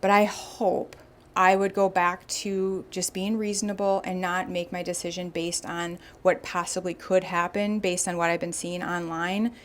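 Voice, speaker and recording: A young woman hosting a podcast, retelling a listener's story in a casual, animated way and acting out the people in it. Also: on the low side, moderate pace, a little hiss or hum. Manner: animated, acts out quoted voices. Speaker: podcast host.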